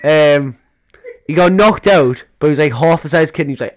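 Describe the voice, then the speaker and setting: A man's voice: on the high side, brisk. A young man co-hosts a casual podcast, rambling through stories. He acts out other people's lines as he goes and laughs often. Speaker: podcast co-host. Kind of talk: casual chat.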